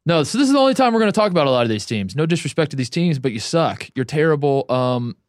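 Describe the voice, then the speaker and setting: A man co-hosting a sports podcast in casual chat, with a wry, dry way of deflating the story. His voice sits at an ordinary middle pitch. The sound is close and dry, with no room around it. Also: animated, quick pace, dry recording. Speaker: podcast co-host.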